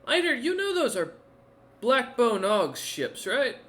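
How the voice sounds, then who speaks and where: A man's voice: on the high side, animated, normal speed, fairly bright tone, roomy sound, pitched above the performer's own voice. A man voicing a flustered male companion who claims to know every language, nervous and blurting out questions. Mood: alarmed.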